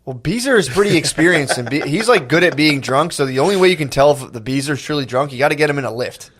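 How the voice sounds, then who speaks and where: A man's voice: a little high, lively intonation, quick pace, fairly bright tone, husky. A man, co-hosting a podcast, loose and profane, saying "dude" a lot. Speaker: podcast co-host. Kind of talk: casual podcast banter.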